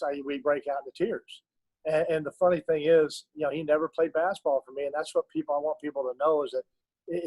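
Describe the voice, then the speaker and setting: A man's voice: on the high side, a little mellow, no room sound, low-quality recording. A middle-aged man, a basketball coach, telling stories in an interview in an earnest, emotional way with many restarts. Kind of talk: storytelling in an interview.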